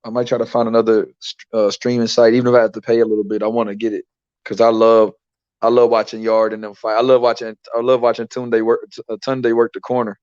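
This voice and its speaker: A man's voice: mid-range voice, flat delivery, fast talker, darkish tone, clear, resonant tone, dull audio. A man co-hosting a casual boxing chat, talking loosely and laughing, with frequent restarts and repeated words. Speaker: boxing podcast co-host.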